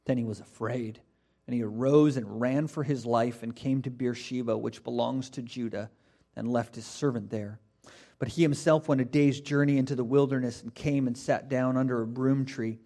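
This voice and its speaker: A man preaching a sermon in a conversational way, with casual asides and animated retellings. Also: mid-range voice, moderate pace. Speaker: pastor.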